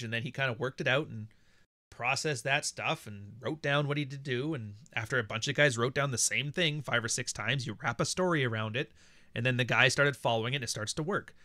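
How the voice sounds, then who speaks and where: A man's voice: medium pitch, bright, forceful tone, no echo, studio quality. A Canadian man hosting a casual livestream, talking in a blunt, profane, rambling way. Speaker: podcast host.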